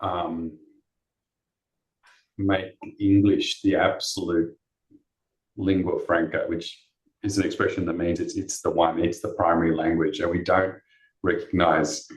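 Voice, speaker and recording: A man's voice: low-pitched, level tone, unhurried, pauses often. A man on a webinar panel, answering in a passionate, rambling way and poking fun at himself. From Australia. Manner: passionate, rambling, self-deprecating. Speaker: panelist, race discrimination commissioner. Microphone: video call. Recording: echoey room over a video call.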